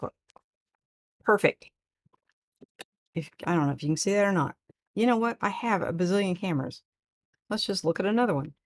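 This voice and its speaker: An older woman with an Oklahoma twang hosting a casual livestream, chatting and reading viewer comments aloud in a rambling way. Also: medium pitch. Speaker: livestream host.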